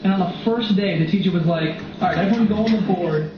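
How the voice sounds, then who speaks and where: A young man and comedian vlogger telling crude, animated stories full of swearing. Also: high voice, fast talker. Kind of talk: comedic storytelling. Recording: very echoey dull recording with noise.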